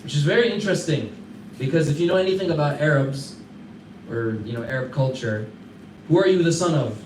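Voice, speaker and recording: Guy teaching a class, kinda higher voice, echoey room, mic far off, noisy. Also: a little fast. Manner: casual animated retelling with Arabic fillers. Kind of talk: storytelling lesson to a class. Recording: echoey room, distant mic, background noise.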